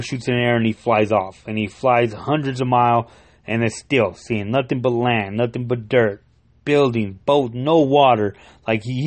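A young man casually retelling a comic book story, excited and profane, with many restarts and fillers. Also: mid-range voice.

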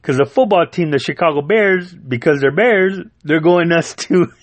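A man reviewing a comic book in casual chat, rambling, excitable and full of profanity. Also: on the high side, moderate pace.

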